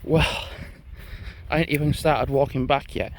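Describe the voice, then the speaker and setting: A man's voice: mid-range voice, fairly even intonation, unhurried, slight background noise. A young man, chatting casually and rambling as he walks a moorland path, swearing now and then. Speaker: vlogger. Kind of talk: casual walking vlog. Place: outdoors on a moorland footpath.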